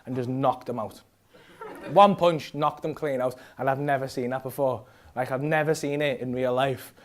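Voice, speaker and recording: A man with a Liverpool accent doing stand-up in a comedy club, telling a story in an animated, sweary way and acting out other people's lines. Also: mid-range voice, moderate pace, slight background noise.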